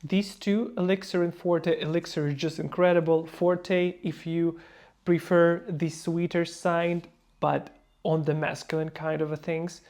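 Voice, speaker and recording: A man speaking non-native English in a casual review vlog, emphatic and playfully mocking, slipping into quick mock voices. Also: a little high, level tone, darkish tone. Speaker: fragrance reviewer.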